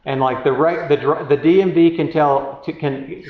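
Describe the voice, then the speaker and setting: This man's voice is on the high side, steady in tone and unhurried as he offers relationship advice by way of a candid, casual anecdote. He rambles, pokes fun at himself and uses lots of fillers. The room-heavy recording is dull, with a little background noise.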